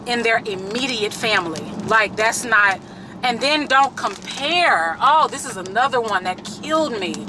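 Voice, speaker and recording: A woman's voice: on the high side, background noise. Vlogger, woman; raw, emotional, foul-mouthed monologue recorded in her car. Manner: candid and blunt, swears freely. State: tearful, emotional. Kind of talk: emotional vlog talk. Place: in a parked car.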